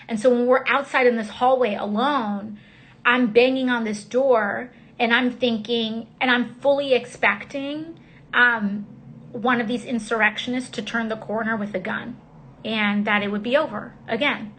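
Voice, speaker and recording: A woman, a member of Congress, recounting events in a casual, halting livestream talk full of fillers and restarts. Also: fairly high pitch, steady tone, fairly bright tone, slight background noise. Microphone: phone.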